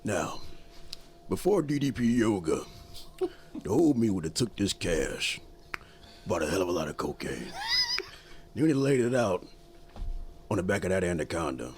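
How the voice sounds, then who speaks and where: A man's voice: low voice, very animated, normal speed, long pauses, a little mellow, slight background noise. A man doing a brooding old wrestler promo. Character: impression of an aging male wrestler cutting a crude promo.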